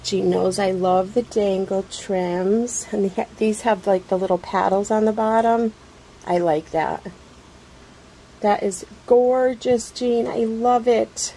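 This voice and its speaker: A woman unboxing a package on her craft vlog, gushing with excitement and many fillers. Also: medium pitch, slow, a little hiss or hum, rough recording. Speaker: craft vlogger.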